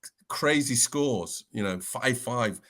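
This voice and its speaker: A man's voice: medium pitch, animated, slow, a bit bright. A man, a podcast guest, telling stories in casual chat, reflective and full of restarts.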